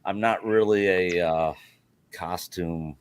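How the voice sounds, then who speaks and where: A man with a very deep voice co-hosting a casual livestream chat. He gives blunt, dismissive opinions with a laugh. The sound is dry and close to the mic. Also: steady tone, takes it slowly, smooth, no echo. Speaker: co-host.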